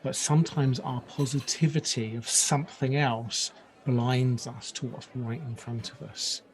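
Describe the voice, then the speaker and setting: A man hosting a podcast, telling stories in a relaxed, wry way. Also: medium pitch. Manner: relaxed and wry, laughs at his own jokes. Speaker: podcast host. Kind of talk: conversational podcast storytelling.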